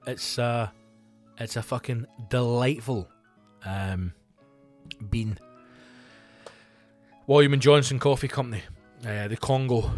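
A Scottish comedian hosting his own podcast, talking alone in a loose, rambling, sweary, conversational way. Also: medium pitch. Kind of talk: casual solo podcast chat.

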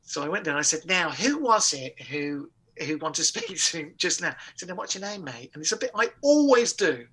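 A man telling a comic anecdote in a lively, casual way, with restarts and laughter. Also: on the high side, brisk, hardly any pauses, husky. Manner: animated storytelling with laughter and restarts. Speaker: guest comedian. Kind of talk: casual anecdote on a talk show.

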